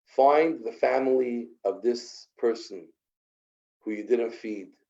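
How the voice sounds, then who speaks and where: A man voicing a wise old rabbi who gives calm, solemn counsel. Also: medium pitch, slow, gravelly, lo-fi sound.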